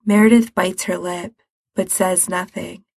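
A woman reading a story aloud as narrator, in an even, measured manner. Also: fairly low pitch, slightly rough, no room sound. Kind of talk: reading fan fiction aloud.

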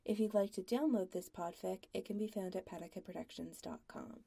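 A woman reading a story aloud in a soft, quiet, intimate way. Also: medium pitch, brisk, vocal fry, husky. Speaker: podfic reader. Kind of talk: scripted narration of fan fiction.

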